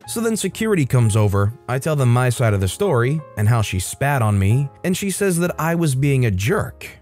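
A man reads reddit stories aloud as the channel's host, in a scripted, lively delivery. His voice sits at an ordinary middle pitch, and he jumps up in pitch whenever he plays a quoted line. Quiet music plays behind him. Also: normal speed. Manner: lively, acts out quoted lines with shifts in pitch. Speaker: narrator reading reddit stories. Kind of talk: scripted storytime narration.

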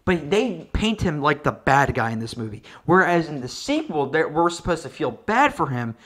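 A video reviewer ranting about a movie with exasperated, profane comic energy, sometimes jumping into high-pitched outbursts. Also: sing-song, moderate pace, fairly bright tone. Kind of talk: comedic movie review rant.

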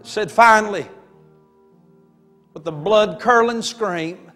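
A man preaching a sermon, telling a story dramatically and building to shouts. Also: high voice, unhurried, long pauses. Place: church sanctuary. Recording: long hall reverb with faint music.

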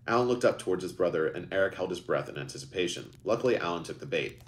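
A deep-voiced man reads his own book aloud in a live session. His pitch moves about a lot as he narrates, and he often trips over words and goes back to fix them. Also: quick pace. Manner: animated reading, raises pitch for characters, stumbles and restarts.

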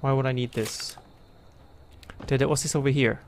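A man doing let's play commentary, excitable and self-mocking, yelling and swearing at enemies. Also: mid-range voice, moderate pace, slight background noise. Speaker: gaming video host.

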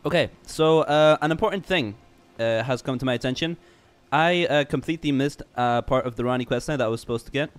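A young man streaming a game, chatting loosely and joking at his own expense, often stumbling and restarting his words. His pitch is in an ordinary middle range, with soft jazz music playing faintly behind him. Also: fairly quick, hardly any pauses. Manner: goofy, rambling, self-mocking, stammering restarts. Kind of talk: casual game livestream chat.

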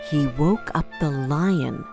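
A woman narrating a children's storybook in a slow, expressive, clear storytelling manner. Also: low voice. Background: music.

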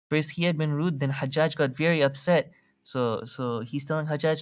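A man's voice: fairly high pitch, moderate pace, no room sound, dull audio. A man teaching a religious studies class, retelling a story and quoting Arabic texts with many restarts and repeated words. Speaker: instructor. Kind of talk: recorded religious studies lecture.

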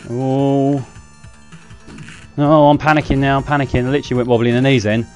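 A man giving casual, self-mocking commentary while playing a fighting game, with excitable outbursts. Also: medium pitch, fairly quick, soft background music. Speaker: gaming channel host.

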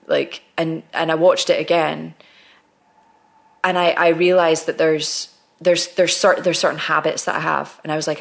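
A woman's voice: sits low, steady tone, moderate pace, creaky. A woman actress, a podcast guest, telling candid stories in casual conversation with frequent restarts.

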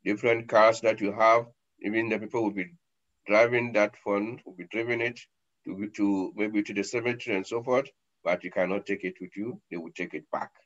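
A man, a sheikh giving a sermon, acting out scenes with sudden loud and soft turns, on a dull lo-fi recording. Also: on the low side, fairly even intonation, normal speed. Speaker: sheikh, lecturer.

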